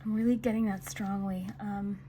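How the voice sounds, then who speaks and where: At a moderate pace and with fairly even intonation, a woman reads tarot cards casually for her viewers, her mid-range voice mellow. Her manner is chatty and comforting, peppered with fillers, over slight background noise.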